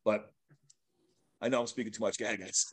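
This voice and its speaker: A middle-aged man, a guest and longtime sports mascot, telling stories in a casual, animated way, laughing often and acting out what others said. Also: fairly low pitch, fairly quick, breathy edge. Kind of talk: casual storytelling.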